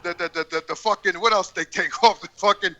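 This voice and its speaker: A man's voice: high-pitched, quick pace, bright, forceful tone, poor audio. A man ranting in casual chat on a podcast call, profane, rambling and heated. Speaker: regular podcast guest. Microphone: video call.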